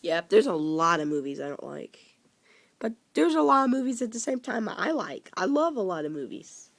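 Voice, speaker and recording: A young man in his teens with a cold, rambling casually about movies he likes and dislikes, with frequent halting restarts. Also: high voice, big pitch swings, creaky, fairly bright tone. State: coming down with a cold. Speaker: vlogger.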